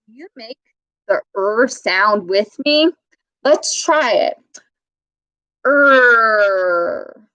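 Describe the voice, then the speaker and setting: A woman reading a storybook to children and leading a speech lesson, modeling sounds slowly and patiently with exaggerated emphasis. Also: fairly high pitch, lively intonation, fairly bright tone, no room sound, highs cut off.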